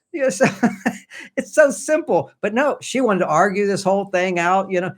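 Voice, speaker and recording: With a high voice and a fairly quick delivery, this older podcast guest, who writes about relationships, shares stories in a conversational way. He performs the dialogue of the characters he describes.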